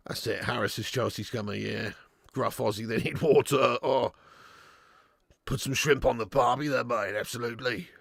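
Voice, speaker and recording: A man doing a gravelly Australian football manager. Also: medium pitch, normal speed, a bit bright, no echo, studio quality, voice pushed down. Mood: gruff. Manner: mumbling, defensive, ends lines with "mate". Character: gruff Australian male football manager, combative.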